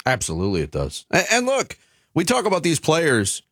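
A man hosting a studio sports talk show, speaking in a measured, analytical way and joining in the banter. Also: on the high side, huge pitch swings, fairly bright tone, husky, dry recording. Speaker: sports radio host. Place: radio studio. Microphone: studio microphone.

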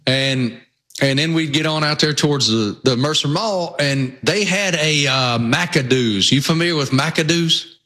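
A man's voice: a little high, measured pace, pushed and bright. A man with a Southwest Virginia accent, co-hosting a casual sports chat and telling rambling, folksy stories. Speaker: co-host.

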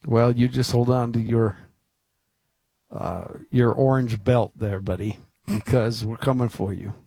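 A man's voice: mid-range voice, steady tone, unhurried, mellow, no room sound. A man co-hosting a sports talk show, teasing and cracking jokes in casual banter. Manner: wisecracking, teasing. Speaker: sports radio co-host.

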